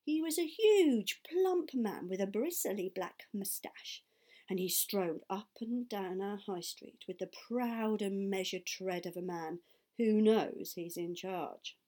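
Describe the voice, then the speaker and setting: A woman's voice: medium pitch, takes it slowly, mellow. Woman reading a storybook aloud. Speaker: audiobook reader. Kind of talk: storybook narration.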